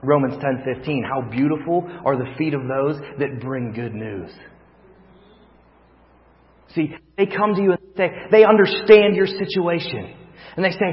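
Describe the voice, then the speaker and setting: A man preaching a sermon, telling a vivid story that swings from hushed to loud. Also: a little high, lively intonation, a little slow. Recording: long reverb, dull lo-fi sound.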